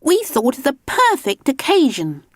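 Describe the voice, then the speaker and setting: A chorus of eager children chirps in a high, lively voice, as a woman narrator plays them. The recording is close and dry. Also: measured pace, no room sound, full character voice.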